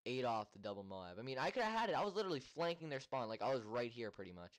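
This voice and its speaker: A man's voice: mid-range voice, very animated, very fast. A young man recording casual gameplay commentary at home, rambling with many ums and mildly annoyed complaints. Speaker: gaming commentator. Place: home room.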